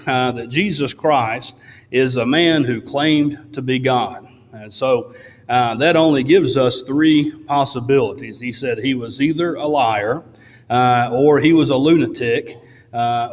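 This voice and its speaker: A man preaching a sermon in a church, pausing often with "uh" between phrases. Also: mid-range voice. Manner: halting, fills pauses with frequent "uh". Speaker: pastor. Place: church sanctuary. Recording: long church reverb.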